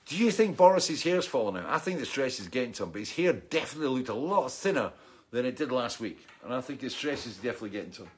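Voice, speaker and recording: Male host, loose rambling chat, curses freely, mid-pitched. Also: expressive, fast. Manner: rambling and sweary, heavy on "you know". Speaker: show host. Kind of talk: casual livestream chat.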